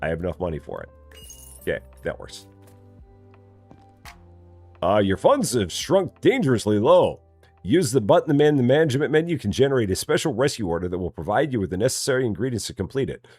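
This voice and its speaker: A man with a low, deep voice chats through a live game stream, his pitch swinging widely as he jokes and rambles. He reads viewer messages aloud between moves, and faint game music plays behind him. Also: big pitch swings, a little fast, darkish tone, husky, dry recording. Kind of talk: casual live-stream commentary.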